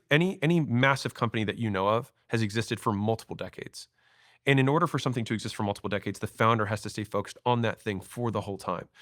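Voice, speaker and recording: A man in his thirties, a podcast guest, telling stories and acting out quoted lines in an animated way. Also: mid-range voice, no room sound, clean studio sound. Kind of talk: storytelling interview talk.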